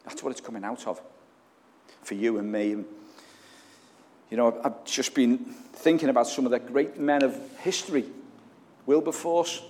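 Earnest preacher in a reverberant church. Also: male voice, mid-range voice, normal speed, pauses often, a little mellow. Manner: earnest, emotional, asks the congregation questions. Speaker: pastor. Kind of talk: sermon. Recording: long reverb of a church hall.

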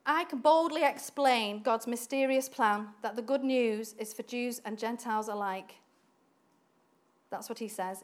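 A woman preaching a sermon in an animated way, acting out quoted voices and laughing often. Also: on the high side.

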